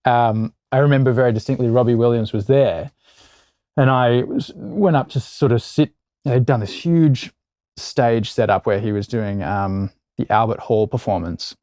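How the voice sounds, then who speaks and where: An Australian actor guest telling anecdotes in a casual interview, animated and acting out quoted voices. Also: male voice, mid-range voice, normal speed, dry recording, clean studio sound.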